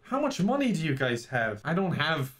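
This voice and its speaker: A young man hosting a gaming video, giving playful let's-play commentary with a joking, teasing manner and quick apologies. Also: on the high side, sing-song, a bit bright.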